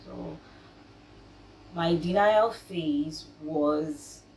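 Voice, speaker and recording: A young woman with a low voice shares a personal faith testimony, soft and halting with frequent pauses. She sits a little back from the mic in an echoey room, with faint noise behind her. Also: far from the mic. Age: young adult. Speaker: vlogger sharing her grief.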